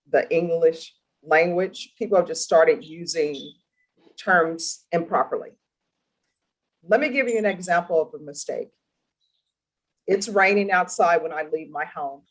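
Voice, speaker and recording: A woman judge in a courtroom, asking formal, deliberate questions in a stern manner. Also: on the low side, poor audio. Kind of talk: courtroom plea hearing.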